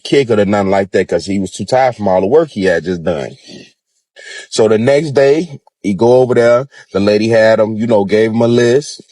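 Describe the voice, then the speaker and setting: A man's voice: fairly low pitch, darkish tone. A man casually telling a story in a rambling way, full of fillers. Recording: roomy echo.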